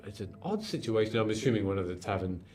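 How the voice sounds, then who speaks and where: A man's voice: lowish voice, big pitch swings, quick pace, a little mellow. A man voicing a polite, apologetic female innkeeper who speaks formally and hesitantly. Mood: courteous.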